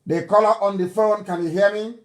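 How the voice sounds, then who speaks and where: A man giving a live radio address and taking calls, forceful and repeating himself as he pleads with listeners. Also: sits high, steady tone, a little fast.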